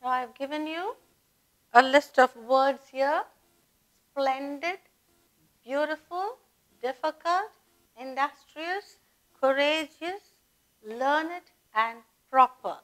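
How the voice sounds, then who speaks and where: A woman with an Indian English accent teaching a grammar lesson, dictating word lists in a deliberate way. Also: sits high, a bit bright, rough recording. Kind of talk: slow classroom grammar lesson.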